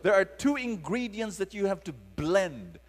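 A man's voice: high voice, a little slow. A man with a Filipino accent preaching to a live audience, telling stories dramatically and calling on the crowd to respond. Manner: animated, dramatic storyteller engaging the crowd. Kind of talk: storytelling sermon to a live audience. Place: large hall with long reverb. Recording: live talk in reverberant hall.

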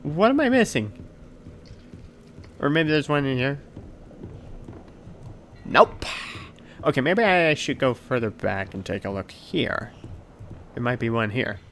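A man's voice: mid-range voice, expressive, slow pace, pauses often, fairly bright tone, a little hiss or hum. A man playing a video game and commenting, rambling and talking to himself playfully. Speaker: gaming video creator. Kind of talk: let's play commentary.

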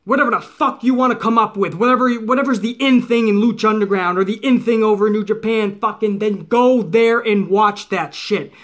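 A man's voice: high-pitched, fairly quick, few pauses, a bit bright. Profane ranting middle-aged man. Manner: profane, heated, mocking. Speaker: wrestling commentator. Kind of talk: ranting commentary.

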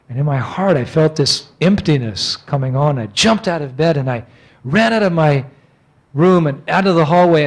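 American guy telling a story in a lecture, kinda high voice, goes loud then real quiet. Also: low-quality recording. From United States. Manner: animated storyteller who acts out quoted speech in high excited cries; drops to soft, hushed tones at emotional moments. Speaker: spiritual teacher giving a lecture.

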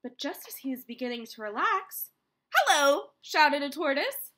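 A woman teacher reading a picture book aloud to children, expressive and talking to them as friends. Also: sits high, moderate pace. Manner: expressive, addresses listeners as friends.

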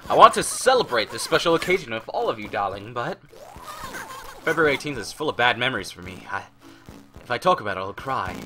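A man's voice: medium pitch, big pitch swings, fast, music in the background, lightly acted, low-quality recording. Man reading as a fancy cartoon animal villager. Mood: theatrical. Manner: theatrical, read-aloud game text.

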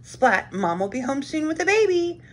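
A woman voicing a patient, reassuring cat father in a storybook read-aloud, explaining calmly. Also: high voice, moderate pace, voice pushed up.

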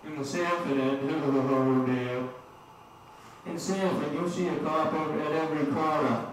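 A man's voice: fairly high pitch, fairly even intonation, measured pace. Male comic, rambling and cursing, recorded from a distance in an echoey room with faint noise. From Maine. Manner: rambling, profane, laughs at his own jokes. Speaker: stand-up comedian. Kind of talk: stand-up set.

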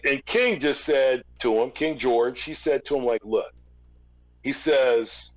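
A man in an interview, casually telling a long story with relaxed restarts. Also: mid-range voice, no echo, rough recording. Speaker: interview guest, former record label executive.

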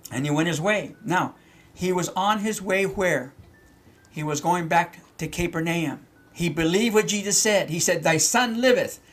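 A man's voice: high voice, moderate pace, fairly bright tone, soft background music. A middle-aged male pastor teaching scripture verse by verse, repeating key words and asking his listeners questions. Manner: reads verses then explains them, with many repeats and questions to the listeners. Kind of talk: slow Bible-teaching sermon.

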